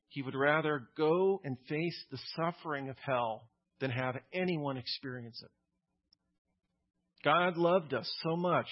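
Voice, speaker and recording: A man's voice: medium pitch, husky, muffled recording. A male pastor preaching a sermon in a plainspoken, conversational way, with casual asides.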